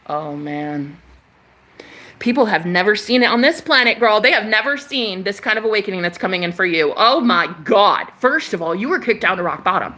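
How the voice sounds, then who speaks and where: A woman delivers an impassioned spiritual pep talk, swearing freely and hammering phrases again and again. Her voice sits a little high and rings bright and sharp, with sudden loud bursts that drop into hushed prayer. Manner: emphatic and profane, repeating phrases for emphasis; swings between loud outbursts and soft murmured prayers. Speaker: spiritual channeler.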